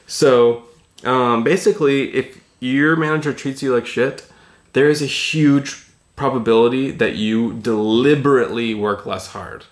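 A man's voice: mid-range voice, unhurried, reverberant. A man co-hosting a podcast in casual chat, reading out study findings and swearing casually. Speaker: podcast co-host.

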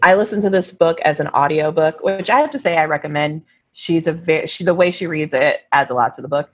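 A woman guest on a chat podcast with a low, husky voice. She speaks in a relaxed, conversational way, dropping dry, wry asides. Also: brisk. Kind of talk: casual chat.

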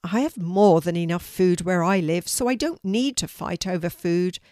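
An older woman voicing a polite, gentle, regal pampered female house cat in a storybook reading. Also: fairly low pitch, moderate pace, no echo, studio quality, natural voice. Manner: polite, gentle, well-spoken.

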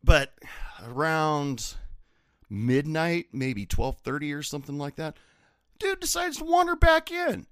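Animated man telling bar stories. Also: on the high side, unhurried, no room sound, clean studio sound. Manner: animated, profane, sardonic. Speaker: bartender. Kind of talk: casual storytelling.

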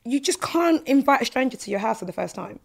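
A woman guesting on a podcast as an agony aunt, frank and quick to laugh. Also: fairly high pitch, gravelly. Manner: frank, laughs easily, animated. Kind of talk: casual chat.

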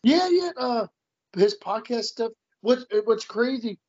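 A man's voice: very high-pitched, animated, slow, a little mellow, dry recording. A man chatting casually, stumbling and repeating words and laughing often. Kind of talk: casual chat. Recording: muffled dry sound.

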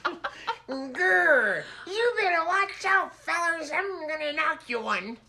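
A woman putting on a mocking impression of a whiny, blustering grown man, in a shrill, exaggerated voice. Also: animated, takes it slowly, sharp tone, slight background noise, full character voice.

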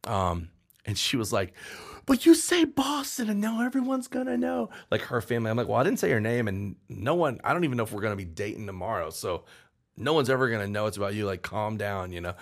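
Animated low-voiced songwriter telling stories. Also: male voice, fast. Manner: animated, rambling, acts out quotes in raised voice. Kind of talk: storytelling in a podcast interview.

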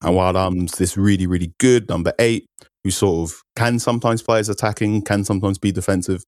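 A man's voice: sits low, steady tone, brisk, a little mellow, dry recording, studio quality. A man, a football writer guest, explaining transfer ideas in detail and acting out quotes. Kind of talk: analytical football chat.

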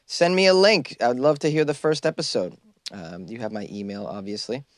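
A man's voice: mid-range voice, normal speed, dry recording. A man hosting a comedic news podcast from a small closet, riffing on stories and laughing at his own jokes. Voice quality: jokey, riffs and laughs at his own lines. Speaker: podcast host.

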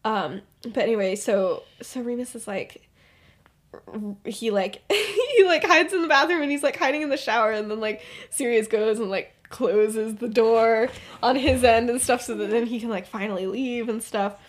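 A woman's voice: on the high side, moderate pace. A young woman co-hosting a podcast, casually retelling a story in a rambling way full of "like" and giggles. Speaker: podcast co-host.

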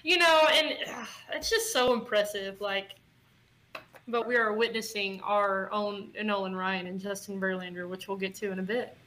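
A woman's voice: mid-range voice, moderate pace, pushed and bright, low-quality recording. A woman co-hosting a podcast in casual chat, bubbly and chatty. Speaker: podcast co-host.

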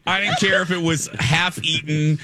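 A man co-hosting a casual chat, telling a story in an animated, playful way. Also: fairly high pitch, normal speed, faint music behind.

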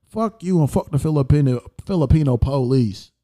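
A man recounting a run-in in loose, profanity-laced storytelling. His voice sits a bit high yet sounds dark and mellow. He slips into the quoted lines with heat and keeps the telling animated. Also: brisk. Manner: heated, profane, animated retelling with quoted dialogue.

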